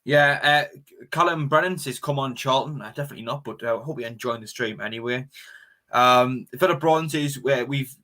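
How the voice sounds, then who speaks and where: A man, co-hosting a fan stream, reading out viewer comments in a relaxed way with lots of fillers. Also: medium pitch, moderate pace. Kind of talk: casual fan chat.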